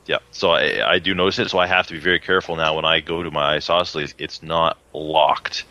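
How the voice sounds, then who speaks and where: A man with an extremely low voice and a bright, pushing edge co-hosts a podcast. He speaks haltingly, restarting phrases, and agrees readily with the others. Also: fairly even intonation, lo-fi sound. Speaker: podcast co-host, shooting club president. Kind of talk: casual podcast chat.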